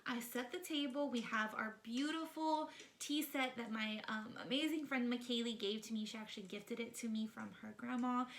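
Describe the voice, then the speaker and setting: A woman hosting a parenting book club vlog, giving chatty, emphatic advice and often checking in with "okay?". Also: fairly high pitch. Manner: lively and animated.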